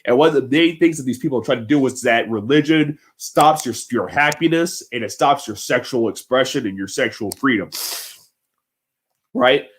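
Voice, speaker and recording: A man's voice: medium pitch, moderate pace, breathy edge. A man vlogging an impassioned, rambling monologue, emotional and emphatic, repeatedly checking in with his listeners. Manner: heated, rambling, emphatic with repeated tag questions.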